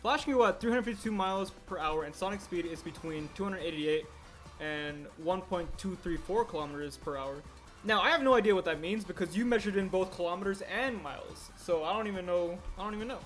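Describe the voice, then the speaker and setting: A man's voice: high voice, a little fast, fairly bright tone, faint music behind. A man livestreaming his stop-motion animation work, chatting casually and rambling as he corrects himself mid-sentence. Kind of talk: casual livestream chat while working.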